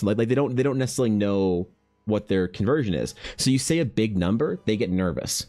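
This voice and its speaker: A man's voice: fairly low pitch, very animated, quick pace, darkish tone, faint music behind. A young Canadian man chatting casually with his stream while he draws, rambling, swearing and laughing as he talks to chat. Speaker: artist streaming while drawing.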